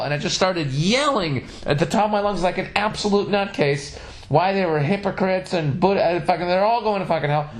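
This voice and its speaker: A man hosts a casual podcast, telling his stories with plenty of profanity and animated swings. His voice sits a little high for a man. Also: brisk. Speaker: podcast host.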